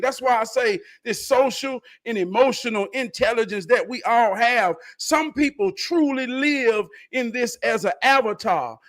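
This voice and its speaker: A middle-aged man hosts a talk show with a notably high-pitched voice. He talks in a passionate, sermon-like way and swears freely. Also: a bit bright. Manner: impassioned, preacherly, profane. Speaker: host. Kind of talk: casual talk-show conversation.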